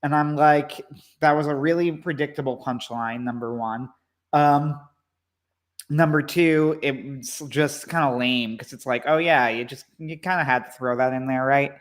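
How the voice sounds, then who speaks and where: A man co-hosting a casual livestream, talking in a wry, low-key way. He rambles and hesitates, often stopping to look for the next word. His voice sits at an ordinary mid pitch. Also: measured pace. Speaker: co-host, movie commentator.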